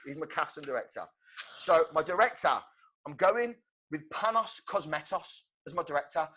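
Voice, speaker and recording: A man co-hosting a podcast, excitedly pitching a film plot with swearing and shouted sound effects. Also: moderate pace, husky. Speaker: podcast co-host. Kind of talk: animated movie-pitch storytelling.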